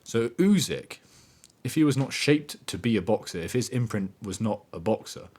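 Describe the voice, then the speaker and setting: A man with a fairly low voice, hosting a casual motivational podcast. He talks in an animated, emphatic way, often swearing. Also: moderate pace. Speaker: podcast host.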